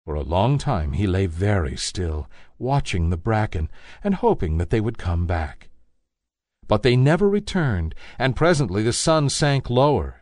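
Man reading a storybook with very expressive pitch. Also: dry recording. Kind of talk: storybook read-aloud.

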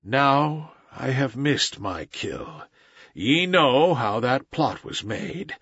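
A man's voice: mid-range voice, lively intonation, extremely slow, fairly bright tone, slightly rough, no echo, muffled recording, exaggerated voice. A man voicing a weary old wolf leader. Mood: solemn. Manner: weary, solemn.

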